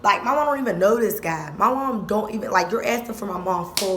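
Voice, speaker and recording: A woman's voice: medium pitch, a little fast, few pauses, background noise. A young woman vlogger telling a story in casual, slangy speech, repeating lines for emphasis.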